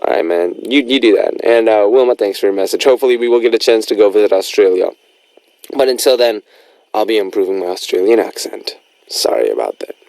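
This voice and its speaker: A man's voice: lowish voice, fast talker, darkish tone, no echo. A man hosting a radio music show, reading listener messages aloud in a playful, teasing, chatty way. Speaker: radio DJ host.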